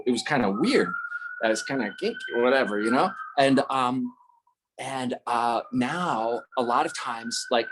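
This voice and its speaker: A man's voice: mid-range voice, noisy background. A man telling a casual, funny story, with lots of fillers and restarts and acted-out dialogue. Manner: animated, acts out dialogue with many fillers and restarts. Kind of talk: casual spoken anecdote.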